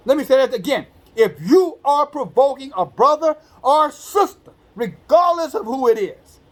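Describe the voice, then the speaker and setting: A man's voice: very high voice, very animated, normal speed. A man preaching an informal sermon, reading scripture aloud and breaking into blunt, profane street-talk commentary that acts out the quoted voices. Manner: acts out quoted speech in a conversational voice.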